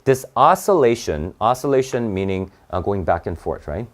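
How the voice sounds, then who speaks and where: Male tutor, slightly low voice, casual think-aloud lesson. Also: lively intonation, moderate pace. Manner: thinks aloud, restarts, frequent "right?". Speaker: test prep tutor. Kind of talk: online reading lesson.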